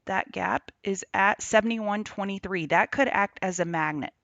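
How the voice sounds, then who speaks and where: A woman's voice: medium pitch, moderate pace, creaky, fairly bright tone, no room sound. A woman hosting a live trading show, chatting and greeting viewers by name between chart talk, on the road. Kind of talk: casual livestream market commentary. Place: on the road, remote setup. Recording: dull lo-fi, dry sound.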